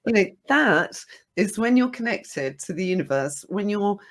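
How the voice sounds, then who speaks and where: Expressive South London woman host. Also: normal speed. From Britain. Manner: expressive, enthusiastic, swoops in pitch. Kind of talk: casual interview chat.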